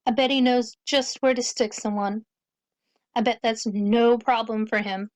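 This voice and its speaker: A man's voice: very high-pitched, fairly even intonation, a little slow, no room sound, pitched above the performer's own voice. A man voicing a frightened young woman held at knifepoint in an audiobook, in a raised, tense, pleading voice.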